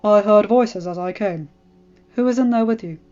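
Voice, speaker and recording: A woman voicing a stern, grave lord and father who speaks in a measured, firm way. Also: medium pitch, darkish tone, highs cut off, natural voice.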